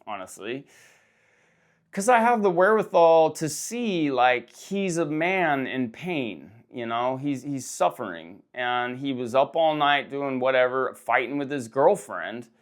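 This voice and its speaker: A middle-aged man hosting a frank, rambling personal monologue, swearing often and restarting his sentences. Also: medium pitch. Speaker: host.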